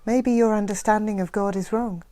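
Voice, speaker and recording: A woman reading a novel aloud, voicing a calm, wise woman who speaks softly, often in a near whisper. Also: mid-range voice, moderate pace, close to an everyday voice. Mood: gentle. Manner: soft, quiet, often whispered. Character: gentle, wise, calm woman, patient teacher.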